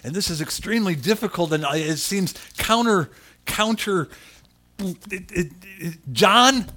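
An older man preaching a sermon, telling a personal story in an animated, emotional, self-deprecating way. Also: high voice, measured pace.

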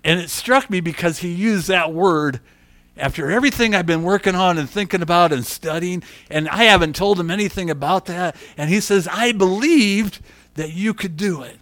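A fairly high-voiced man preaching through a long personal story. He speaks in a chatty way, repeating himself, and rises into loud shouted bits. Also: brisk. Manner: animated storyteller who shouts quoted lines. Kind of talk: storytelling sermon.

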